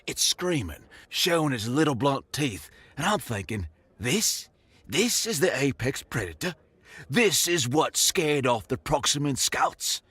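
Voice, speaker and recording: A man's voice: mid-range voice, expressive, normal speed, few pauses, fairly bright tone, slightly rough, dry recording. A man voicing a boastful, three-armed male alien mercenary who slurs his swaggering bar story. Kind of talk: scripted audio story.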